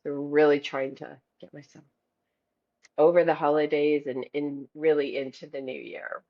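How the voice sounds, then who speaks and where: A woman's voice: sits low, little pitch movement, moderate pace. A woman co-hosting a podcast in casual chat, easygoing and affirming. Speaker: podcast co-host. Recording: slightly muffled lo-fi audio.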